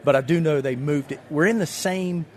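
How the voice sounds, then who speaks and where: A man's voice: a little high, normal speed. A man with a Southern US accent, a magician chatting in an interview, rambling and self-deprecating as he tells folksy stories. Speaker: magician guest. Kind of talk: casual interview chat.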